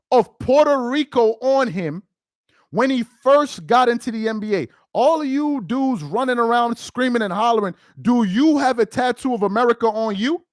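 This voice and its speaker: Man, New York accent, very high voice, dry close sound, emphatic street-slang live-stream rant. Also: dry recording. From New York City. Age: adult with a child. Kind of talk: casual live-stream commentary.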